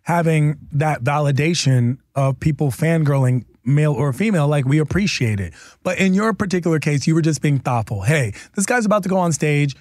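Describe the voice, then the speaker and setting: Animated, playful young man. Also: fairly high pitch, a little fast, hardly any pauses, no room sound, studio quality. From US East Coast. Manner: animated storyteller, playful, repeats phrases. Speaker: podcast guest, comedian. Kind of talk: casual chat.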